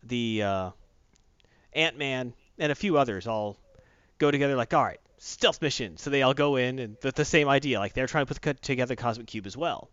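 A man chats through a comic book recap in a loose, rambling way. He keeps jumping into little acted-out lines as he goes. His mid-pitched voice comes through a dull, lo-fi recording with a dry sound. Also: a little fast, clear, resonant tone, no room sound. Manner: rambling, animated storyteller who acts out quotes. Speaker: comic book podcast host. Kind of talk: casual comic recap chat.

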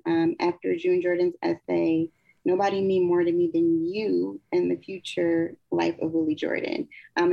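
Woman, poet, low-pitched, gravelly, candid, dull lo-fi sound. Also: dark tone. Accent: African American Vernacular English in the poem. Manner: candid, laughing easily, slow deliberate reading. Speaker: poet and guest. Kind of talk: casual conversation and poetry reading.

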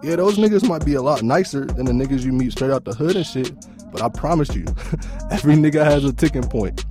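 Profane, animated male podcaster. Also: medium pitch, a little fast, soft background music. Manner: animated, profane, laughing storytelling. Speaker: podcast host. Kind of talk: casual comedic rant.

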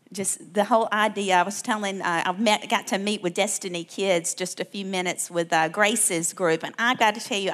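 A woman in her fifties with a South Alabama accent, telling personal stories to a church crowd in a chatty way. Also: mid-range voice. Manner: warm, chatty, with frequent restarts. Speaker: guest speaker.

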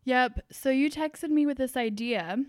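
A woman co-hosting a podcast, telling stories in a giggly, animated casual chat. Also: sits high, a little slow, no echo, clean studio sound. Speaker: podcast co-host.

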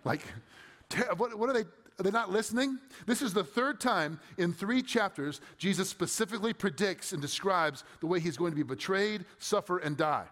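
A male pastor reads scripture, then preaches conversationally, asking his listeners rhetorical questions. His voice is high and a bit bright at normal speed, and the recording carries a long hall reverb.

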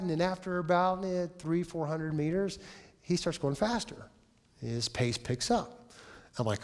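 Higher-voiced pastor preaching in a reverberant hall. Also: male voice, moderate pace. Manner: lively storytelling, acts out dialogue. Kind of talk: sermon. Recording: long reverb of a large hall.

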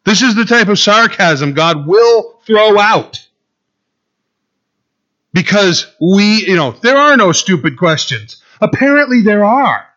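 A man's voice: sits high, very animated, slow pace, bright, forceful tone. A man preaching a sermon in a conversational way, with sarcastic asides to the congregation. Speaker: pastor. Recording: muffled lo-fi recording.

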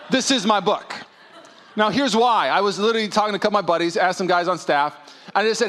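Male pastor, sermon in church, humorous, lively storytelling, fairly high voice. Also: fast. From California. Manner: humorous, energetic, quotes people in acted voices. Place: church sanctuary with congregation.

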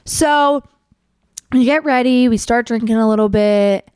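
Telling a story on her podcast, this young adult host is chatty and candid, acting out quotes and swearing freely. She speaks a little slowly in a high-leaning, slightly mellow, clean-toned voice, recorded cleanly in a studio with no room sound.

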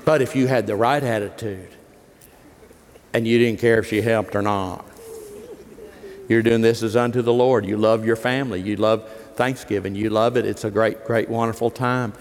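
A man's voice: lowish voice, steady tone, normal speed, slight background noise. A middle-aged man preaching a sermon, folksy and joking, rising into emphatic preaching. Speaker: pastor. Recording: long hall reverb.

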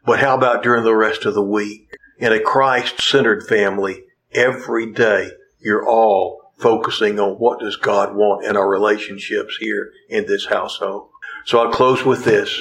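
A man's voice: fairly low pitch, flat delivery, unhurried, fairly bright tone, slight background noise, poor audio. A male pastor preaching a sermon in an earnest way, repeating key phrases for emphasis and slipping in folksy humorous asides.

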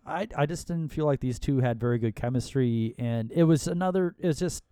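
A man's voice: mid-range voice, normal speed, dark tone, smooth, dry recording. A man co-hosting a podcast in casual chat, making dry, understated quips. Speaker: podcast co-host.

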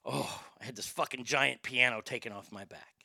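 A man spinning a casual, profane anecdote, his voice strikingly bright and forward. The sound is dry and close, with no room around it. He talks loosely and restarts his sentences as he goes. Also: mid-range voice, normal speed, gravelly, no room sound. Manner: profane, conversational, with frequent restarts.

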